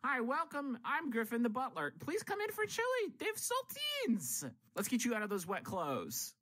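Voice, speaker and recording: A chipper butler who welcomes everyone at the door, talking in an American accent, as a man puts him on. His voice is pitched high and swoops up and down with bright, eager energy. He sounds bouncy and far too welcoming. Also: wildly swooping pitch, moderate pace, full character voice.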